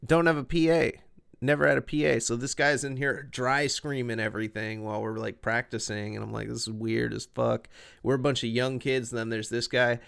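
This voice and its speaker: Smooth-voiced man telling profane stories. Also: mid-range voice, a little fast. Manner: profane, animated, laughing storyteller. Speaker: musician guest. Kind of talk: casual storytelling.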